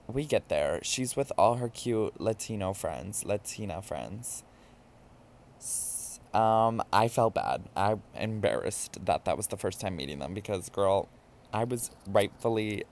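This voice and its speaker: A man hosting a podcast, telling a drunken night-out story in a campy, animated, casual way. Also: fairly low pitch, gravelly, a little hiss or hum. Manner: campy and animated, mimics voices in quotes. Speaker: podcast host. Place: New York.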